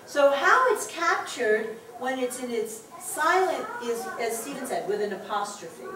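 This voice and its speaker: Woman teacher, high voice, heard from afar in an echoey classroom, laughing and encouraging. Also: very animated, measured pace, a crowd in the background. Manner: chatty, laughs often, encouraging. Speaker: Hebrew teacher. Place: synagogue classroom. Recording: echoey room, distant mic, background noise.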